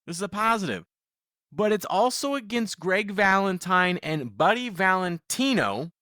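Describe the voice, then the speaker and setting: A man's voice: high-pitched, normal speed, no room sound, studio quality. A man co-hosting a podcast, recapping wrestling in casual chat with sarcastic jokes. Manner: sarcastic, animated joking. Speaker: podcast co-host.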